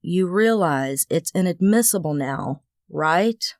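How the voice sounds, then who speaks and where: A woman voicing a man, a patient but irritated cop boyfriend, in an audiobook; clipped and gently scolding. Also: on the low side, lively intonation, takes it slowly, no room sound, clean studio sound, voice pushed down. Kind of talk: audiobook character voice.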